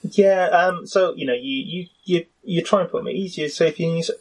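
Man, game master, husky, halting, lots of you-knows. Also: a little high, rough recording. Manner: hesitant, full of restarts and "you know". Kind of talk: narrating a tabletop game.

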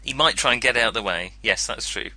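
A man's voice: mid-range voice, fast, sharp tone, no room sound. A man narrating a tabletop horror game as game master, chatty, with frequent ums and laughs.

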